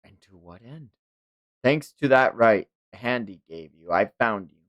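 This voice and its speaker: A man's voice: medium pitch, animated, a little slow, lo-fi sound, natural voice. A man voicing an arrogant, ancient male villain god who talks with contempt and barks commands. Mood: cold menace.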